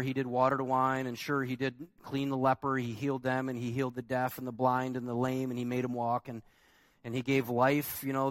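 A man's voice: mid-range voice, dry recording. A man preaching a sermon as pastor, emphatic and conversational, asking the congregation rhetorical questions.

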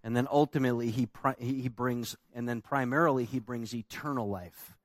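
A man's voice: medium pitch, fairly even intonation, fairly quick, no echo. A man preaching a sermon as pastor, emphatic and conversational, asking the congregation rhetorical questions.

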